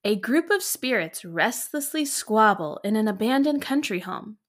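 A woman's voice: fairly high pitch, lively intonation, normal speed. A woman co-hosting a podcast, chatting casually with many fillers and reading show blurbs aloud. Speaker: podcast co-host. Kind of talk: casual chat.

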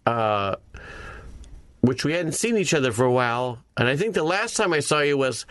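A man in his forties telling lively anecdotes in casual chat, often mimicking other people's voices. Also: medium pitch, moderate pace, no room sound. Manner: animated storyteller, mimics others.

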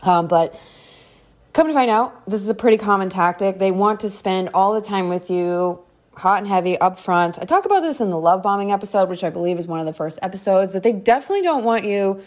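A woman's voice: medium pitch, animated, fairly quick. A woman hosting a podcast, telling a personal story in a casual, chatty way with many fillers. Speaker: podcast host.

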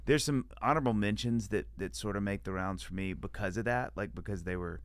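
A man's voice: fairly low pitch, fairly quick, clean tone, dry recording. A man guest on a podcast, talking in a playful, rambling way with jokey asides. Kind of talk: casual comedic chat.

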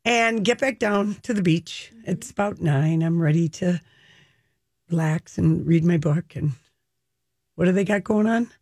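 A middle-aged woman telling a lively story in casual chat, her pitch leaping up for emphasis. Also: a little slow, no room sound. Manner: animated storyteller, exaggerated pitch jumps.

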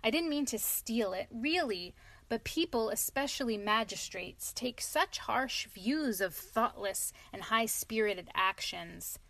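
A high-strung, boastful male toad voiced by a woman bursts into dramatic, pleading speech in a storybook reading. The voice sits fairly high and a little loud, with a dry, close sound. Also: lively intonation, unhurried, dry recording. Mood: sheepish.

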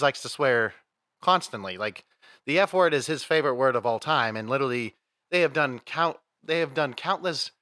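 Male podcast co-host, bright voice, rambling storyteller, dry close mic. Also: medium pitch, dry recording. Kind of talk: casual chat.

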